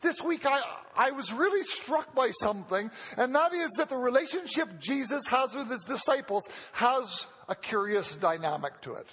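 A man's voice: very high-pitched, lively intonation, normal speed, hardly any pauses, pushed and bright, slightly rough. A man preaching a sermon in an earnest way, repeating phrases for emphasis and often restarting, heard with the long reverb of a large hall.

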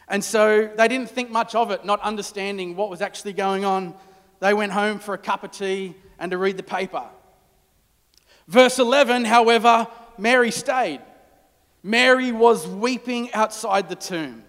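High-voiced preacher in an echoing hall. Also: male voice. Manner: dramatic, drops to hushed tones for key moments. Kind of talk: storytelling sermon. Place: church.

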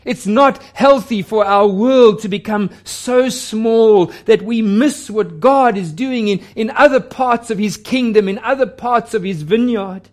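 Slow, earnest higher-voiced male preacher. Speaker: pastor. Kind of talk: sermon.

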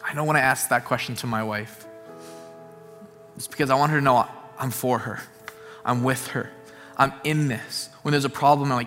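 A man's voice: medium pitch, fairly even intonation, normal speed, long pauses, a bit bright, big-room sound, faint music behind. A man preaching a sermon as a pastor, earnest and repeating his points for emphasis.

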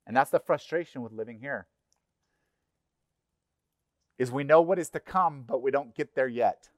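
A middle-aged man preaching a sermon in a conversational, animated way, acting out little voices. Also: mid-range voice, fairly quick, no room sound, studio quality. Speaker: pastor. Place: church.

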